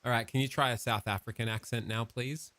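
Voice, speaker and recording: A man's voice: mid-range voice, steady tone, brisk, a bit bright, no echo. Offhand, teasing man gaming. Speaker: gamer chatting with an AI. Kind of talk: casual gameplay commentary.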